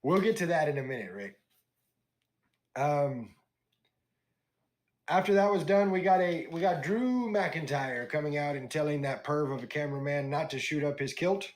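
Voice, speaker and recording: A man hosting a wrestling podcast, his voice sitting a little high. He tells the week's events in a loose, animated way and slips into the wrestlers' lines as he goes. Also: moderate pace, long pauses. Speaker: podcast host. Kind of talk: casual wrestling recap chat.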